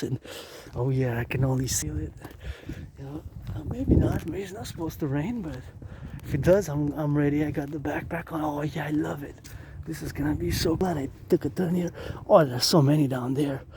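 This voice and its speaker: A man walking outdoors through residential streets, rambling excitedly and chatting to the decorations he films on his phone. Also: fairly high pitch, a little hiss or hum. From Canada. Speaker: vlogger. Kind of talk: casual walking vlog.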